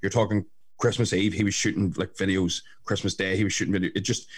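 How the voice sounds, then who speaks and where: A fast-talking man in relaxed podcast chat. He rambles through frank anecdotes, full of likes and restarts. His voice sits on the lower side. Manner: rambling, frank storytelling with many fillers. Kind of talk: casual chat.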